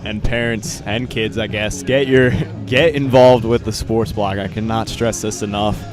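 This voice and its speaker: A teenage man chats casually through a student sports broadcast, his voice a bit low, rambling and joking with plenty of fillers. Music plays clearly in the background. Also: fairly even intonation, unhurried. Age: teens. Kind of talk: casual live commentary chat. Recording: music playing behind.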